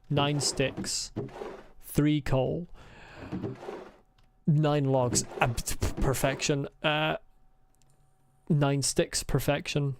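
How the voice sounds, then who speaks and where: A man's voice: fairly high pitch, a little hiss or hum. A man streaming a video game, muttering his plans to himself, swearing freely and answering chat. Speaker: let's play streamer. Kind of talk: casual live gaming chat.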